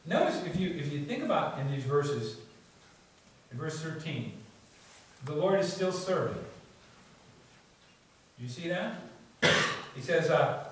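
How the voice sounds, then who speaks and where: A man's voice: fairly high pitch, sing-song, a little slow, long pauses. A male pastor preaching a sermon in a conversational way, often adding "you see" and "okay?", recorded in a church. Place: church sanctuary. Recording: very echoey church, distant mic, faint noise.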